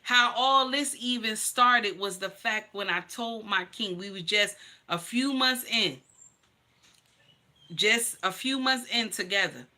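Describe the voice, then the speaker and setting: A woman livestream host tells viewers her own story, speaking slowly in a sharp voice that sits on the high side. She is blunt, emphatic and profane, and keeps calling her listeners honey.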